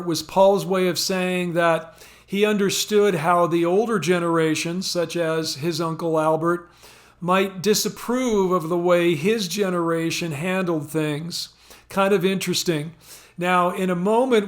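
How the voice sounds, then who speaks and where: High-voiced man chatting about songs. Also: steady tone, unhurried. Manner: chatty and amused, laughing often. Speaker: music channel host. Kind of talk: casual music commentary. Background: faint music from the song being discussed.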